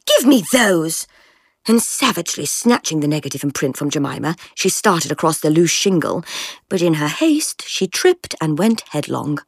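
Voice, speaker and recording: Expressive woman storyteller with a lively, varied delivery. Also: low voice, normal speed, creaky, breathy edge, dry recording, studio quality. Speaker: audiobook reader. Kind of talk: scripted story narration.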